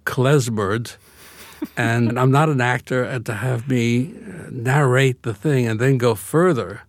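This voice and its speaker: An older Brooklyn-born author, a guest on a radio interview, speaks reflectively and wryly, laughing easily. His mid-range voice moves slowly, in studio quality with no echo.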